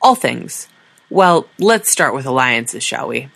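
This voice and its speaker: A woman's voice: rumbling low, big pitch swings, slow pace, vocal fry, fairly bright tone, no echo, full character voice. A woman voicing a weary, exasperated diplomat who speaks in a dry, sardonic way.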